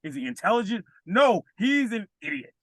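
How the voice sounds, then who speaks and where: Guy doing a whiny weepy pundit dude, high shrill rant. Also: big pitch swings, normal speed, a bit bright, no echo. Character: whiny, weepy self-important male pundit.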